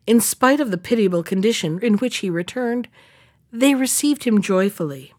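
A woman reading a fairy tale aloud in a steady, measured storytelling manner. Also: medium pitch. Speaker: narrator.

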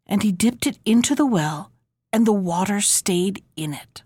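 A woman reading a fairy tale aloud in an expressive, measured storybook manner. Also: mid-range voice, husky, dry recording, studio quality.

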